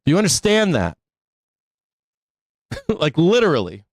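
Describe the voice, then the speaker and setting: A man's voice: on the high side, animated, unhurried, no room sound, clean studio sound. A man hosting a live stock trading show, ranting in exasperation at his viewers with heavy swearing, laughing and pleading.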